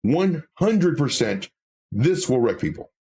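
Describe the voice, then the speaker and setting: A man talks casually and candidly on a live stream, reading viewer comments aloud. His voice is slightly husky, with a pitch that swings up and down. He often restarts his sentences. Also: slow pace. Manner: animated, candid, with filler words and self-corrections.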